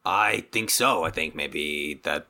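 Very low-voiced woman playing a tabletop game. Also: pushed and bright. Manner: hesitant, halting, self-deprecating. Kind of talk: casual tabletop role-play.

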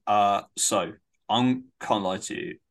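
A man's voice: on the low side, slow pace, vocal fry, fairly bright tone. A man, co-hosting a casual sports podcast, chatty and swearing. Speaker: podcast co-host.

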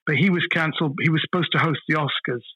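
A man, a guest on a casual podcast, tells stories with animated energy. His voice is bright and forward, with a husky edge, set a little high for a man. The recording is dry and close. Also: fast talker, dry recording, lo-fi sound. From London, England. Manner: animated storyteller, repeats words when starting a thought. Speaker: guest comedian.

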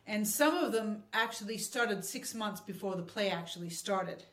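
A woman appears as a guest actress in a casual storytelling interview, chatty and laughing often. Her mid-range voice is fairly bright and moves at a moderate pace. She's on a remote call mic, and the recording has a roomy, distant echo.

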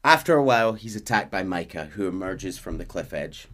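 A low-voiced man recaps a video game storyline for a podcast. His narration is steady and measured, and he acts out the characters' quotes with some drama. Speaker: podcast host.

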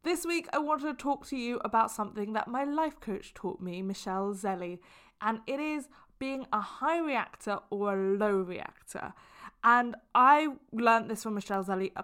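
A woman hosting her own solo podcast, talking in a gushing, effusive way and telling stories with big animated reactions. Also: a little high, normal speed, smooth. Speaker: podcast host.

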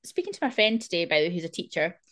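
A woman's voice: fairly low pitch, very animated, rapid-fire, fairly bright tone. A woman co-hosting a podcast, talking in a chatty, apologetic way. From Scotland. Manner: chatty, apologetic, uses Scottish slang. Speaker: podcast co-host. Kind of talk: casual chat.

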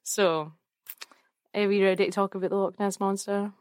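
A woman's voice: mid-range voice, steady tone, moderate pace, a little mellow, no room sound, studio quality. A young Scottish woman co-hosting a podcast, chatting casually, telling stories and laughing often. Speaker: podcast co-host. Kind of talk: casual chat.

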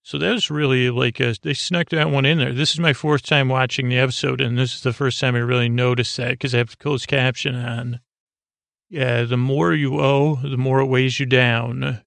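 A man hosts a casual podcast recap, retelling scenes in an offhand, meandering way full of fillers and false starts. His voice is gravelly and flat, with little rise and fall. The sound is dry and close. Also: medium pitch, dry recording. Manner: rambling, hesitant, many fillers and restarts; paraphrases dialogue in a flat offhand way. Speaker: podcast host.

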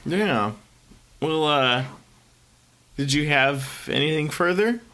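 A man with a scratchy, under-the-weather voice chats casually as a podcast co-host. He talks slowly and easily, with a fairly high, bright tone, and drops a curse here and there. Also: animated. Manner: slow, laid-back, swears casually. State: sick, scratchy voice. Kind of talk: casual chat.

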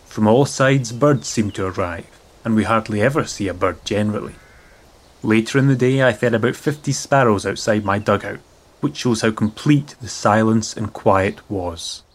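A man reading the letter of a young British officer, in a quiet, reflective manner. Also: fairly low pitch, moderate pace, natural voice. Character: young male British officer writing home.

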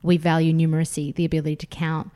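A woman's voice: sits low, level tone, quick pace, warm tone. An Australian woman in her thirties, a food author chatting enthusiastically as a podcast guest, with plenty of fillers. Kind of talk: casual podcast interview.

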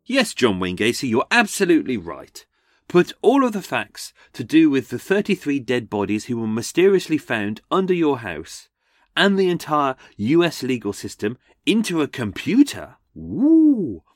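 A man's voice: mid-range voice, big pitch swings, normal speed, dry recording, clean studio sound. A man hosting a comedic true-crime podcast, sardonic with jokey asides. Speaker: podcast host.

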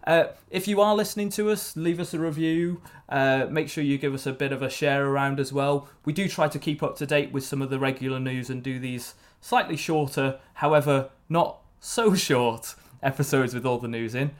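A man's voice: medium pitch, steady tone, moderate pace, few pauses. A man hosting a casual theme park podcast, upbeat and lifting his voice for the sign-off. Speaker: podcast host. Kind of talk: casual chat.

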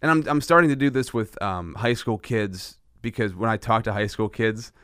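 A man hosting a casual podcast conversation, talking in an animated way with frequent restarts and the odd laugh. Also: on the low side, normal speed, clear, resonant tone, no room sound, studio quality. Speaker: podcast host.

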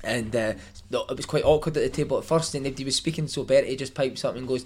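A man's voice: mid-range voice, slight background noise. A Scottish man hosting a casual football podcast, playful and steering the chat. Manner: playful, quick to laugh, steers the topics. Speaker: podcast host.

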